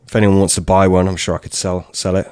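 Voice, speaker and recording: A man's voice: deep voice, little pitch movement, quick pace, darkish tone, clear, resonant tone, dry recording. Chatty man, dry close sound. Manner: chatty, jokey, many restarts. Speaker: podcast co-host. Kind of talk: casual podcast chat.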